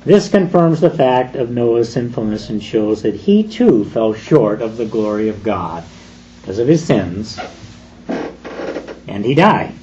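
A man preaching a sermon in an unhurried, measured way, his voice mellow and warm. He stresses key phrases slowly and deliberately. The recording sounds a little dull, with faint room noise behind him. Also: medium pitch, animated. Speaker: pastor.

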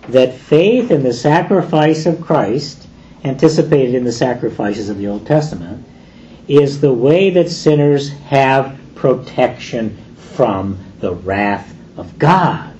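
A man's voice: medium pitch, dark tone, slight background noise. A man preaching a sermon, emphatic and full of rhetorical questions, on a dull lo-fi recording.

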